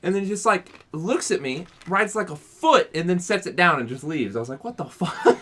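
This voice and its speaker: A young man telling a long story on a podcast, rambling with restarts and acting out what others said. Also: brisk. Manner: animated, acts out quotes in a higher voice; rambling with many restarts and fillers. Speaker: podcast co-host. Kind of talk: casual storytelling.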